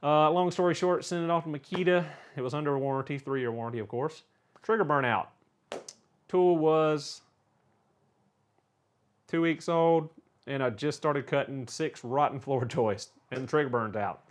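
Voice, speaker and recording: A man's voice: a little high, normal speed. A middle-aged man with a Southern US accent, a car mechanic answering viewer questions in a casual, rambling way, full of "uh" fillers. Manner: folksy, rambling, frequent "uh" fillers. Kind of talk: casual Q&A talk.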